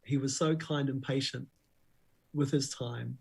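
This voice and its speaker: A man's voice: medium pitch, measured pace, vocal fry, husky, low-quality recording. A middle-aged man with a New Zealand accent, a radio breakfast host telling stories as a guest in a casual interview. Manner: animated storyteller who acts out quotes.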